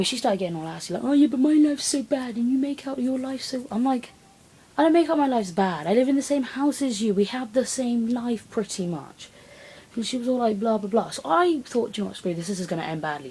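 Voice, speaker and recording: A woman's voice: fairly low pitch, husky, low-quality recording. A teenage girl, rambling through a personal story in a casual vlog and acting out what people said. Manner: rambling, animated retelling with acted quotes. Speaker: vlogger.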